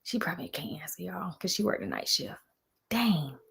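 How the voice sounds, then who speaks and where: A woman's voice: fairly low pitch, moderate pace, creaky, husky. A young woman, casually telling a story on a live stream and talking straight to her viewers. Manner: animated, sassy, addresses viewers as y'all.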